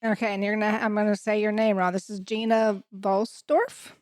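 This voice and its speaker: A woman hosting a podcast, introducing her guest in an unhurried, relaxed casual chat. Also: mid-range voice, dry recording. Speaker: podcast host.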